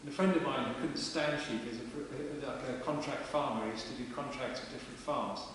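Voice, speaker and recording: A man's voice: mid-range voice, fairly quick. A man preaching a sermon in a parish church, in a chatty, plain-spoken way. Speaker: vicar. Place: large stone parish church. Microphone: distant camera mic. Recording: echoey church from far off with hiss.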